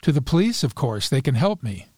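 A man's voice: mid-range voice, very animated, fairly quick, a little mellow, slightly rough, dry recording, clean studio sound. A man reading the lines of a desperate, pleading wife in a story, raising his voice a little for her. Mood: frantic. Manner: pleading, breathless urgency. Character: frantic desperate wife, adult woman. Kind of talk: read-aloud story dialogue.

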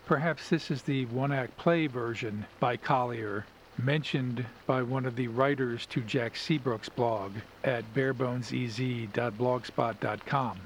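Male podcast host, measured and analytical, faint hiss behind. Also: mid-range voice, steady tone. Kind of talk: story review and reading.

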